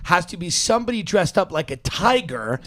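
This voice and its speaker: A man's voice: high-pitched, big pitch swings, brisk, fairly bright tone, no echo. A man hosting a podcast, chatting casually outdoors by a lake with sardonic, ranting humor. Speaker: podcast host. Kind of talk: casual comedic chat.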